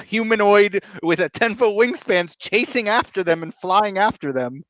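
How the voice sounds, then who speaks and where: A man's voice: high-pitched, expressive, normal speed, fairly bright tone, no room sound. A man co-hosting a podcast, retelling cryptid lore in a rambling, enthusiastic, casual way. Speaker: podcast co-host. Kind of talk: casual chat. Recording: dull lo-fi mic.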